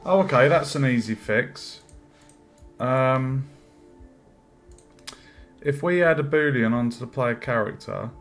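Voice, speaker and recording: A man narrates his game development work as he streams it, thinking aloud and pausing often to chat with the viewers. His voice sits at a middling pitch. Faint music and typing on a keyboard play behind him. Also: a bit bright. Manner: thinking aloud, hesitant fillers, chatty with viewers. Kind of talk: casual live-stream commentary while working.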